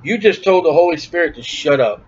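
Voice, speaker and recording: A man preaching a forceful, emphatic sermon on scripture. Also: fairly high pitch, animated, a little fast, husky. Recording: dull lo-fi recording.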